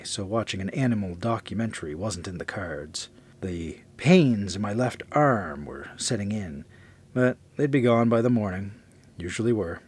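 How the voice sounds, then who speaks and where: A man narrating a first-person horror story in a measured, confessional way. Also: fairly low pitch, a little mellow, slightly rough.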